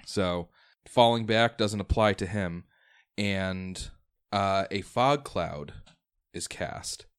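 A man with a fairly low voice runs a tabletop game as game master. He explains the rules step by step and thinks aloud as he goes. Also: clear, resonant tone.

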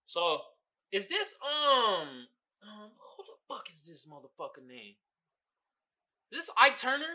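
A man hosting a casual solo podcast, talking loudly and profanely, often laughing and shouting exclamations. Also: sits high. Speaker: podcast host.

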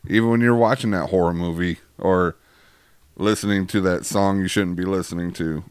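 A low, smooth-voiced man hosting a casual faith chat. He rambles and jokes, packing his talk with fillers, and the sound is dry and close. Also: steady tone, normal speed, no room sound. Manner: rambling, jokey, many fillers. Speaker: host.

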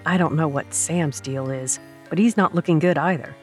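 A woman's voice: sits low, moderate pace, soft background music, lightly acted. A woman narrator voicing a nervous, doubtful young male student who talks in a hesitant, worried way.

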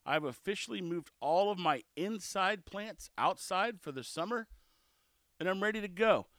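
Chatty man with lively pitch. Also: normal speed, dry recording, studio quality. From South Texas. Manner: chatty, cheeky, animated storytelling. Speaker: podcast host. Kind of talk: casual solo podcast chat.

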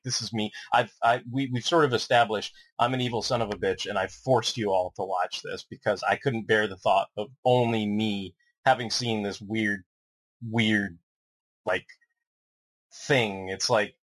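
A man's voice: fairly low pitch, fairly bright tone, low-quality recording. A man hosting a podcast, rambling sardonically and swearing as he reads a synopsis. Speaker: podcast host. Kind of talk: casual podcast chat, reading a synopsis.

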